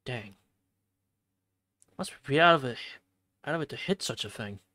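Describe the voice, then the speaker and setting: A streamer reading a visual novel aloud from a home streaming setup, with expressive delivery and jokey asides. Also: medium pitch, fast talker, dry recording.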